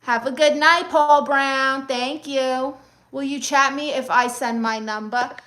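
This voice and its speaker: A woman's voice: high-pitched, fairly even intonation, takes it slowly, sharp tone. A woman from Brooklyn with a New York accent, casually chatting on a livestream and reading viewer comments in a sassy, teasing way. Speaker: livestream host.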